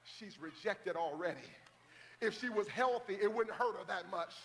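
A man preaching a sermon as pastor of a large church, building to shouted calls to the congregation. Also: high voice, expressive, normal speed, big-room sound, a little hiss or hum. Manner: preaching, rising to shouted call-and-response.

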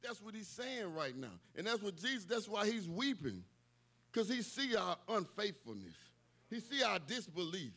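A man preaching a sermon with folksy asides, building to emphatic, repeated shouted lines. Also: sits high, sing-song, moderate pace. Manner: emphatic, repetitive call-outs, bursts of shouting.

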